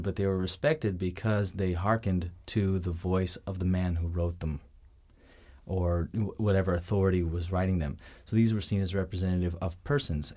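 Animated man hosting a teaching talk. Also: low voice. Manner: animated, acts out quoted voices, checks in with "okay?" and "see?". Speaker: show host.

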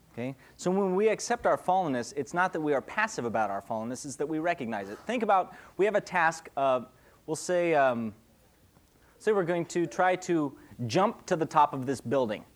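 A young man giving a casual question-and-answer sermon as a pastor, talking conversationally and often checking in with "okay?". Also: on the high side.

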